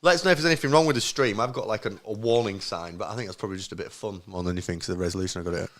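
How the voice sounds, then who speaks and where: A man, co-hosting a casual podcast and telling rambling stories with quick restarts. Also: lowish voice, a bit bright. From northern England. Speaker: podcast co-host.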